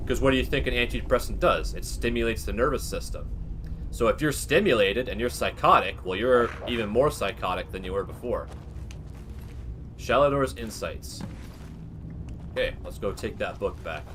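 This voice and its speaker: A man's voice: lowish voice, fairly bright tone, a little hiss or hum. A man chatting casually while he streams a game. He rambles candidly, with lots of fillers and the odd swear word. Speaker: gaming livestreamer.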